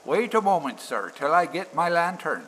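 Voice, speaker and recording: A man reading aloud as a deferential railway signalman of about thirty, pitched noticeably higher than the narration. He speaks in plain country speech, earnest and polite to a gentleman. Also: sing-song, normal speed, a little hiss or hum, low-quality recording. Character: steady male railway signalman of thirty, respectful.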